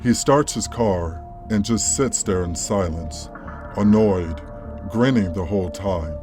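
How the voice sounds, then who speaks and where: Brief: male narrator, lowish voice, calm measured reading over faint music. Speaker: story narrator. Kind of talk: scripted narration of a horror story. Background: faint background music.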